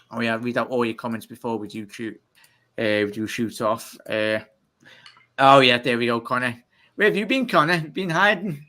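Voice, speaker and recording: A man hosting a fan live stream, talking fast and giving chatty shout-outs. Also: medium pitch. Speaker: fan channel host. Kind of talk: live stream sign-off chat.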